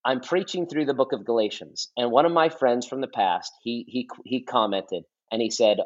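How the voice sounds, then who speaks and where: A man in his thirties, a pastor, recounting his story with earnest conviction and often circling back over his own phrases. His voice sits at an ordinary middle pitch. The recording sounds a little dull and lo-fi. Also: moderate pace, hardly any pauses. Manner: earnest storytelling, repeats and restarts phrases for emphasis. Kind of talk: conversational testimony on a podcast. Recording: slightly dull lo-fi audio.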